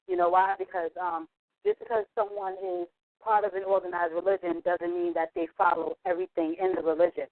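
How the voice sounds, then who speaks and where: A podcast co-host explaining a point in a measured way, pausing often on fillers. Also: mid-range voice, flat delivery, no echo. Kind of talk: casual podcast talk. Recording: tinny phone-like audio with faint hiss.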